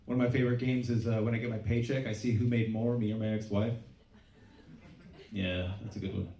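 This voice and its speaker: A middle-aged man doing a stand-up comedy set, deadpan and self-deprecating, swearing freely. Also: fairly low pitch, brisk, gravelly. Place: small comedy club stage. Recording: roomy club sound from a distance. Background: audience laughter.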